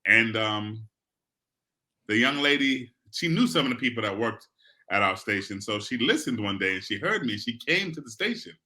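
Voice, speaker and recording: Man, South Bronx New York accent, bright sharp tone, animated storyteller, casual interview host. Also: mid-range voice, moderate pace.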